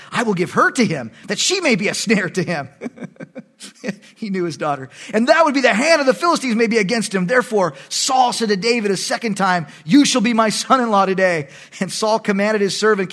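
High-voiced pastor reading scripture. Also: male voice, fairly bright tone. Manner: reads scripture aloud, breaks off for casual asides and jokes. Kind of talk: Bible study reading with commentary.

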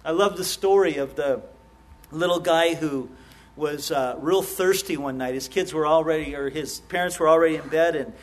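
High-voiced man preaching a sermon. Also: normal speed. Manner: earnest preaching, stammering repetitions and restarts. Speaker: pastor.

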